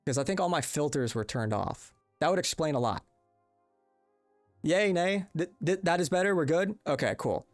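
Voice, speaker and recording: A young livestream host rambles and swears as he talks to his chat through a compressed desk mic. His slightly high voice has lively intonation at a normal speed, recorded dry with faint music behind.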